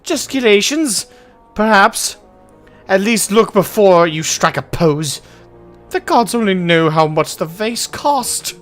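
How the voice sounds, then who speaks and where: A man playing a pompous theatrical gentleman. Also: high-pitched, expressive, takes it slowly, faint music behind, pitched above the performer's own voice, exaggerated voice. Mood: scolding. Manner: grandiloquent, declaiming, flowery old-fashioned phrasing. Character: pompous grandiose gentleman adventurer, theatrical and self-assured.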